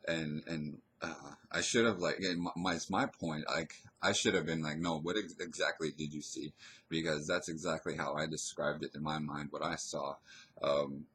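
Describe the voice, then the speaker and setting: A man with an extremely deep voice and a husky edge tells a personal story. He rambles casually and stops and restarts his sentences often. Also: steady tone, a bit bright. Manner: hesitant, rambling, full of pauses and restarts.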